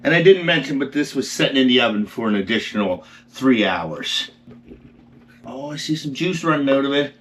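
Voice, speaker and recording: A man hosting a home cooking video, talking through each step and admiring the food with drawn-out, excited exclamations. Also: mid-range voice. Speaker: cooking channel host. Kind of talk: cooking vlog narration.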